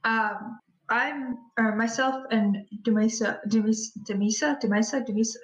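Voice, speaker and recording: A woman's voice: on the high side, fairly even intonation, slow pace, dull audio. Playful woman with a roomy echo. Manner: playful, teasing, giggly. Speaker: player. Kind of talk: casual in-character tabletop chat.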